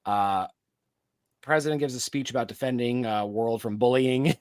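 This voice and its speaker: A man's voice: mid-range voice, moderate pace, darkish tone, clean tone, dry recording, clean studio sound. A man co-hosting a podcast, recapping a TV episode in casual chat, rambling with lots of fillers and restarts. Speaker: podcast co-host.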